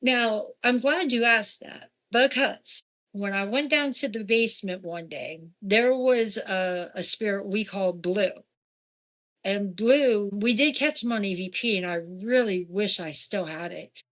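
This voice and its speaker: A woman, probably in her forties, casually recounting her experiences in a haunted house, animated and lively when she quotes other people. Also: unhurried. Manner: animated, jumping in pitch for quoted voices. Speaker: guest. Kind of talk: casual storytelling.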